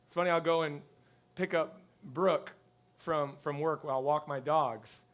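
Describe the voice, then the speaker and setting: A male pastor giving a conversational sermon to his congregation, telling lively stories and acting out the people he quotes. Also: on the high side, a little slow. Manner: lively storyteller who acts out quotes. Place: church service before a congregation.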